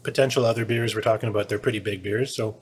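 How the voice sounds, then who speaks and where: A man chatting casually on a podcast, easygoing and quick. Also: on the low side, steady tone, slightly rough. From Canada. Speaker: beer writer and podcast guest. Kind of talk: casual chat.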